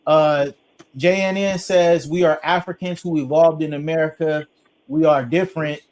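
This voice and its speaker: Upbeat stream host. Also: male voice, a little high, fairly even intonation, normal speed, a little mellow. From Long Beach, California. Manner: hypes up speakers, reads chat comments. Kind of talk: live stream debate.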